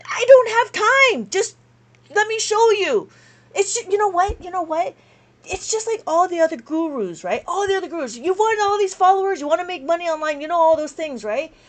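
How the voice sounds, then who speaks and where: A woman's voice: very high voice, expressive, normal speed. A woman abacus teacher chatting on a live stream, rambling and exasperated, with many restarts.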